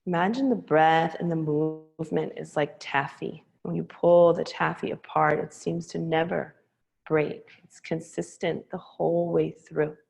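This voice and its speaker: A woman teaching a yoga class, giving slow, calm, soothing cues to her students. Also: sits low, gravelly, rough recording. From Hawaii. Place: yoga studio.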